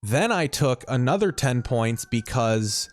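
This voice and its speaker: A man's voice: mid-range voice, lively intonation, unhurried. A man in casual chat, walking a co-host through a TV show's plot and swearing freely. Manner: explains a TV show plot at length, swears casually. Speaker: podcast co-host.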